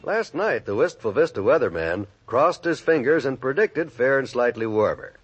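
A man announcing in a smooth, measured style in an old radio broadcast. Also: medium pitch, sing-song, highs cut off, over loud music.

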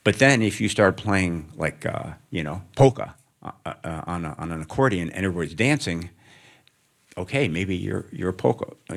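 An older man from the American Midwest, a writer speaking onstage before an audience, reflective and gently humorous as he tells stories. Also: deep voice. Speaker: author guest.

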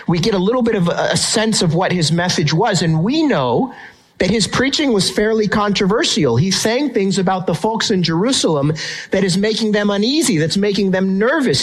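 A male pastor preaching a sermon in an emphatic way, slowing down to stress key phrases. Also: sits high, expressive, slightly rough, rough recording. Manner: emphatic, builds tension, slows down for key phrases.

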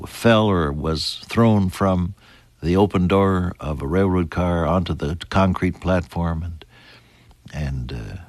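An older man preaching a sermon in an earnest storytelling manner, climbing high for emphasis and sinking to soft whispers. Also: dry recording. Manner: earnest storytelling, pitch rising sharply on emphasis and dropping to near whispers.

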